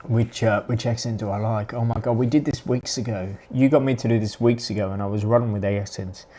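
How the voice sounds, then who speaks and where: A man's voice: on the low side, steady tone, dark tone, slight background noise. Rambling man streaming. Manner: rambling, halting, with many restarts. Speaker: live stream host. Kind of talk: casual chat answering viewers.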